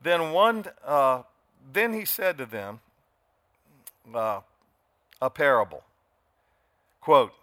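An older man preaching a dramatic sermon, swinging from quiet asides to sudden shouts. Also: mid-range voice, big pitch swings, takes it slowly, long pauses, no room sound, clean studio sound. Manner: dramatic, shifts from soft to shouting. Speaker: pastor.

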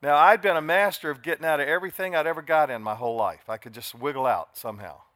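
An older man preaching a dramatic sermon, swinging from quiet asides to sudden shouts. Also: on the high side, fast talker, dry recording, studio quality. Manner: dramatic, shifts from soft to shouting. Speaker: pastor.

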